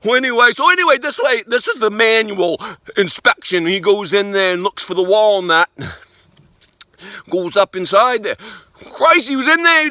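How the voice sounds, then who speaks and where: A man's voice: extremely high pitch, sharp tone, dry recording, heavily acted. A man playing a rambling, crude old rural storyteller, talking in a folksy comic monologue full of restarts.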